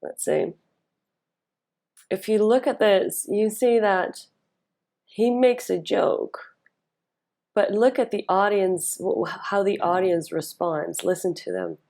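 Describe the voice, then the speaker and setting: A woman's voice: medium pitch, takes it slowly, gravelly, long pauses, a little mellow. A woman coach analysing a speech in a video, chatting and thinking aloud with fillers and restarts, and stressing key words. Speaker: speaking and storytelling coach.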